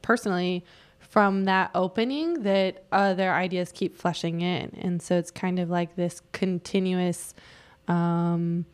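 A woman's voice: lowish voice, steady tone, a little slow. A woman artist talking casually in an interview, reflective and rambling, with frequent fillers. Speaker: artist guest.

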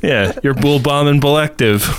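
A man's voice: medium pitch, normal speed, a little hiss or hum. A man hosting a film podcast, teasing his co-hosts and steering the segment in casual chat. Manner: dry, teasing, runs the segment. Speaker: podcast host.

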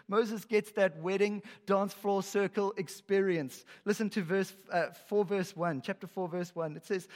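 A high-voiced man preaches a sermon, animated and storytelling, throwing himself into each line he quotes. His voice rings out through a large hall with a long, echoing reverb. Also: moderate pace. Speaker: pastor.

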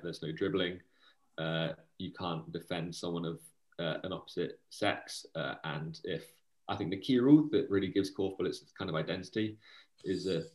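A man's voice: low-pitched, low-quality recording. A young man talking as an interview guest, keen but hesitant, with many uhs and ums. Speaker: university player and committee member. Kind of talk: casual interview chat.

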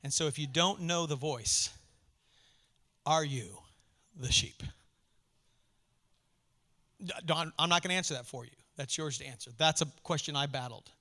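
A male pastor preaching a sermon in a conversational, passionate way, swinging from hushed lines to emphatic ones. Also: fairly high pitch, moderate pace, pauses often.

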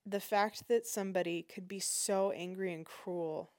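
A woman hosting a podcast, telling a personal story in a lively, indignant way. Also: medium pitch, unhurried. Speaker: podcast host. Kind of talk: casual storytelling.

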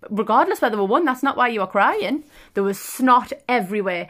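A woman's voice: a little high, expressive, brisk, fairly bright tone. A woman from England chatting as a podcast co-host, teasing her partner and telling stories. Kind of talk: casual chat.

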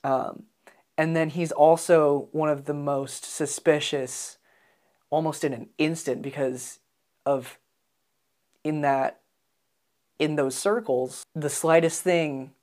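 A man's voice: fairly high pitch, fairly even intonation, a little slow, long pauses, a little mellow. An American man chatting casually about films as a podcast co-host, hesitant, with many ums and restarts. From United States. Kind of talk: casual film discussion.

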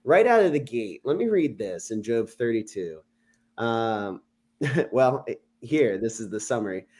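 A man explains a Bible passage in a loose, conversational way. His delivery is animated, and he slips into playful voices for the quotes, often with a laugh. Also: medium pitch, a little slow, slightly rough. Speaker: podcast co-host discussing scripture. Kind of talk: casual Bible discussion.

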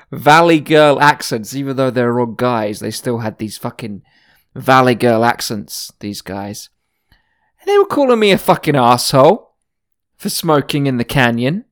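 Male podcast host with a mixed British accent, crude and boastful, rambling comic monologue. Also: mid-range voice. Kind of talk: rambling comedic rant.

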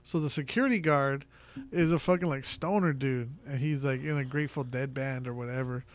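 A man's voice: mid-range voice, a little fast. A man casually retelling a show to friends, rambling with lots of fillers and swearing. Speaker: podcast host. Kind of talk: casual chat.

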